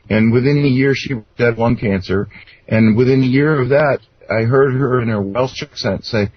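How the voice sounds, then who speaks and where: A male guest shares personal anecdotes in a casual storytelling interview, rambling with many fillers and restarts. His voice is mid-range, husky, and at normal speed, with no room sound but a dull lo-fi quality.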